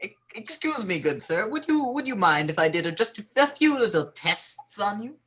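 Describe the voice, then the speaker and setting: Improv: a woman doing a stammering, creepy mad scientist, husky, lively pitch. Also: normal speed. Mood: odd. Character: Doctor Frankenstein, eccentric mad scientist. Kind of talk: improv comedy.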